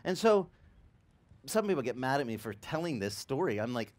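A man preaching a sermon as pastor, telling lively stories with acted-out quotes and frequent stammered restarts. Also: on the high side, moderate pace. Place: church.

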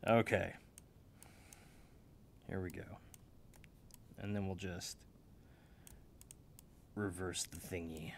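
A man's voice: sits low, slow pace, pauses often, a little hiss or hum. Self-mocking man producing a beat. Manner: joking, self-mocking, swings between loud and mumbled. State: still waking up. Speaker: music producer. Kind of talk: casual talk while making a beat. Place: home office.

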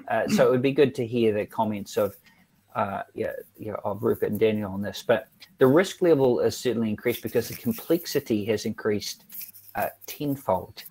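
Male New accountant, slightly raspy tone, halting and filler-heavy on a video call panel. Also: mid-range voice, a little mellow, rough recording. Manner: hesitant, many fillers and restarts. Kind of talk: webinar panel talk.

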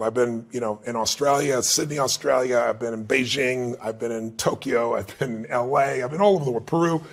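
A guest speaker and author being interviewed tells stories with animation and emphasis, acting out the dialogue he quotes. His voice is medium-pitched and a little rough.

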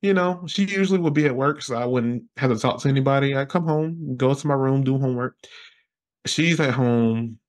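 A young man, a podcast guest telling a personal story in an animated way, laughing often and acting out his own past lines. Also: medium pitch, a little fast.

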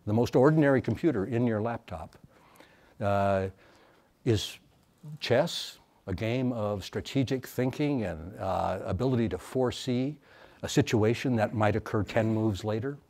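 A man giving an academic lecture as a professor, talking thoughtfully and haltingly with many fillers and restarts. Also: fairly low pitch, darkish tone.

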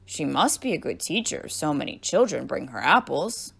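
A woman reading aloud, voicing a slow-witted male yard teacher who drawls his lines. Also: low voice, sing-song, gravelly, husky, heavily acted. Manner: slow, drawn-out, loud. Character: slow, clueless man, school yard teacher.

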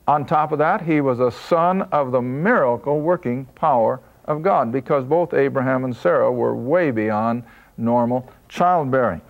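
A man teaching a Bible study lesson, emphatic and slowing down to stress key points. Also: medium pitch, creaky, narrow, tinny audio.

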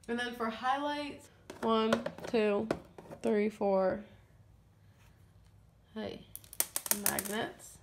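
A chatty young woman talking through her makeup in a casual vlog, rambling and trailing off as she goes. She sounds a little sniffly and under the weather. Her voice bounces around an echoey room, with a faint hiss underneath. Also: medium pitch. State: sniffly, feeling unwell. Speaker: beauty vlogger. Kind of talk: casual makeup declutter chat.

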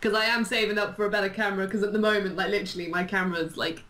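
A woman talks in a bubbly, rambling way, hopping from thought to thought with plenty of fillers. Her voice sits at an average pitch and is recorded in a room with a noticeable echo. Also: steady tone, very fast, a bit bright. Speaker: YouTuber being interviewed. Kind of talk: casual chat. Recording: echoey room.

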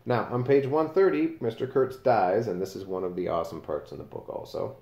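A man's voice: medium pitch, lively intonation, moderate pace, warm tone. A man teaching a class, explaining a novel in a casual way and reading passages aloud with page numbers. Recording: roomy echo.

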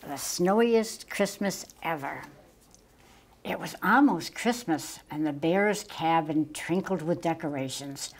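Slow, gentle older woman reading. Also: sits low. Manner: slow, gentle, halting with small slips. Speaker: storytime reader. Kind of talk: reading a children's picture book aloud.

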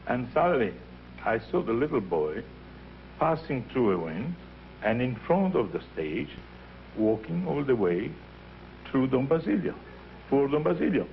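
An older man with an Italian accent coaches young singers, his speech animated as he acts out little scenes and voices. The recording is dull and lo-fi, with a faint hiss behind him. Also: mid-range voice, measured pace, creaky, long pauses. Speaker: opera teacher leading a masterclass. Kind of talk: teaching and storytelling.

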